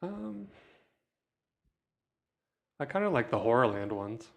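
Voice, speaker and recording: Podcast guest guy, gravelly voice, laid back, dry jokes. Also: mid-range voice, very animated, slow, fairly bright tone. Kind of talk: casual chat.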